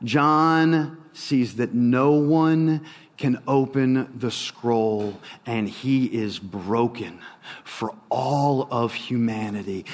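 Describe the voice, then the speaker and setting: A man preaching a sermon with a slow, dramatic delivery and long pauses. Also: mid-range voice, in a large hall.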